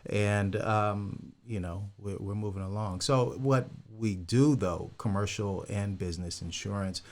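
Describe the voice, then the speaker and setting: A deep-voiced older man from California talks casually as an interview guest. He rambles through his story with plenty of fillers and a relaxed, easygoing manner. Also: unhurried. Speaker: guest, insurance broker.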